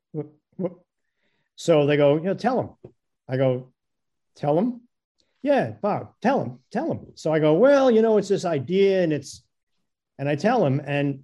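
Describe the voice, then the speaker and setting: A man's voice: on the high side, warm tone. A man telling a long anecdote in casual talk, stammering and repeating words as he acts out what others said. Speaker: guest storyteller.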